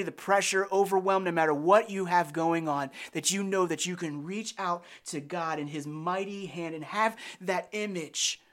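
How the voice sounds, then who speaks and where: A man's voice: sits high, fairly bright tone. A man preaching a sermon as a pastor, telling a personal story in an earnest way and acting out his own prayers.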